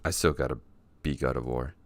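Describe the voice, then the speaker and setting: A man hosting a casual podcast, recapping a story in a teasing, deliberate way. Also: very deep voice, fairly even intonation. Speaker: podcast host.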